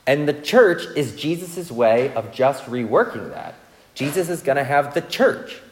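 Guy preaching, super lively up and down voice, pokes fun at himself, big echoey church hall. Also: medium pitch. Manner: animated, self-mocking storytelling, checks in with the audience. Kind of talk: sermon. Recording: long reverb of a large church hall.

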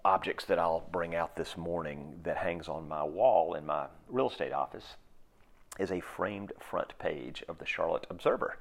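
A man in his sixties preaching a sermon in a reflective, halting way, with pauses and restarts. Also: low voice, creaky. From United States. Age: 60s. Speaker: pastor.

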